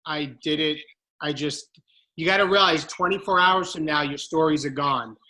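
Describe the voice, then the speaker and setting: A man's voice: on the high side, normal speed, pushed and bright. A man hosting a casual team call as a fitness coach, speaking candidly in long run-on stretches.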